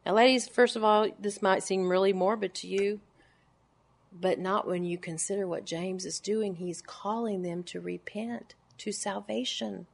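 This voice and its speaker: A woman in her forties preaching a sermon to a gathering of women, pressing her points with emphatic, repeated words and then dropping to hushed, low lines. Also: steady tone, measured pace, vocal fry, husky. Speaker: women's Bible teacher.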